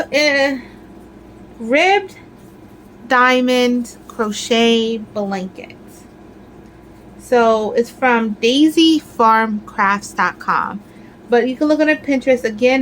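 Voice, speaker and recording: A woman talks casually to her viewers in a lively, ranting way, full of fillers and restarts. Her voice sits a little high. A faint hum runs under the recording. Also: low-quality recording. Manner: animated, ranting, lots of fillers. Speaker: crafting vlogger. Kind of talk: casual chat.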